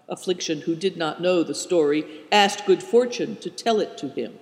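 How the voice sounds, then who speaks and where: High-voiced male storybook narrator. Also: lively intonation, normal speed, hardly any pauses. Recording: roomy hall reverb.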